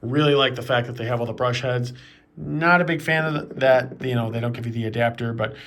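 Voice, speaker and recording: A man's voice: mid-range voice, a little fast. A man giving a casual, conversational product review, talking loosely with plenty of fillers. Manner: relaxed and conversational, with frequent fillers.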